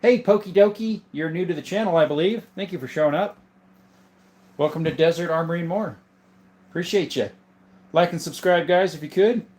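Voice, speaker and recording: Talking fairly quickly in a fairly high, darkish-toned voice, a man in his thirties from southern Arizona runs a casual livestream where he reads comments, greets viewers by name and shows his gun collection.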